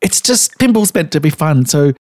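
A man's voice: on the high side, lively intonation, moderate pace, a little mellow, no echo, studio quality. A man co-hosting a podcast, chatting casually and making emphatic points, swearing freely. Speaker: podcast co-host. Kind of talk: casual chat.

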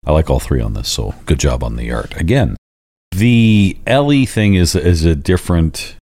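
Very deep-voiced Canadian man. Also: big pitch swings, moderate pace, a little mellow, no echo. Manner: enthusiastic, easygoing, uses fillers like "if you will". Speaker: podcast co-host. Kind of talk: casual chat.

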